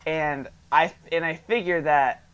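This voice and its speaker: A young man with a slightly high voice tells a story in casual podcast chat. He is animated and acts out each line of dialogue. The audio sounds dull and lo-fi. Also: unhurried, smooth. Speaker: podcast co-host.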